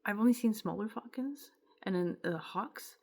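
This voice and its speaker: In her casual vlog, a young woman from Quebec shares an emotional personal story, rambling with filler words and interrupting herself. She has a Quebec French accent and a creaky, mellow, medium-pitched voice at normal speed.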